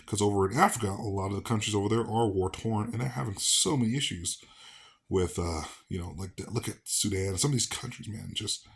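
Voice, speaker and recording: Rambling low-voiced man vlogging. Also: brisk, vocal fry. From Southern United States. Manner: rambling, many fillers and restarts, conversational. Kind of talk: casual commentary to camera.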